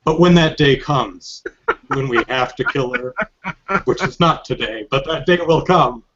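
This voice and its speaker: A man's voice: medium pitch, a little slow, lo-fi sound, noisy background, lightly acted. A man voicing a grim, solemn male commander in a mock-dramatic retelling.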